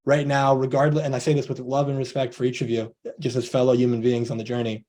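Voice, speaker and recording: A man's voice: medium pitch, little pitch movement, quick pace, mellow. A man giving a motivational coaching talk on a video call, earnest, acting out both sides of imagined conversations.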